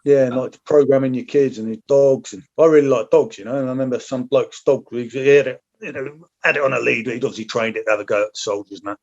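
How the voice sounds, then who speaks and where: A middle-aged man who served as a soldier speaks quickly in a mid-range, slightly mellow voice while guesting on a podcast. Bluntly and with plenty of swearing, he shares war stories casually and acts out what others said, captured on slightly dull lo-fi audio.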